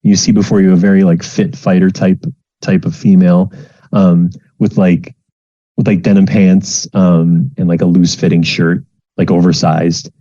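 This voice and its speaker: A man's voice: deep voice, flat delivery, moderate pace, mellow. A man narrating as dungeon master, rambling with lots of fillers and restarts. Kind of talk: narrating a tabletop game. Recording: muffled lo-fi home recording.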